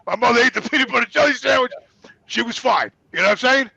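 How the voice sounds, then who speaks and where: A middle-aged man telling stories as a guest, profane, heated and animated. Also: very high-pitched, fast talker, vocal fry, husky, no room sound, muffled recording. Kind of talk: casual storytelling.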